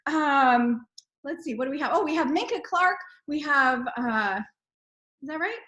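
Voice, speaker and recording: A woman hosting a team call, reading out names with bubbly excitement and frequent exclamations. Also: sits high, unhurried, rough recording. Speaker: host of a team sales call. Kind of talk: upbeat recognition call.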